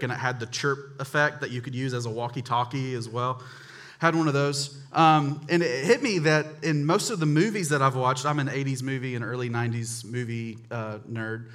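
A man's voice: medium pitch, bright, forceful tone. A man from North Carolina preaching a humorous sermon, telling chatty stories and speaking directly to the congregation. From North Carolina, USA. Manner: chatty storytelling, addresses the crowd directly.

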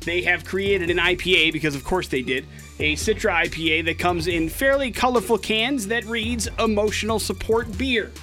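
Bright, high-voiced male radio host. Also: moderate pace, faint music behind. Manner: chatty and wry, with a dry joking aside. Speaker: radio morning show host. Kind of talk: casual radio banter, storytelling a news item.

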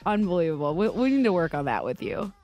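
A woman co-hosting a casual sports talk show, quick and teasing, breaking down the game. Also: lowish voice, sing-song, a little mellow.

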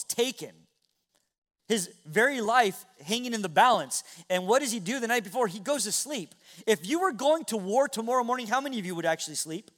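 Preaching a sermon in a church sanctuary, a middle-aged pastor with a strikingly high voice shifts earnestly from hushed, almost whispered lines to loud, ringing exclamations from the pulpit.

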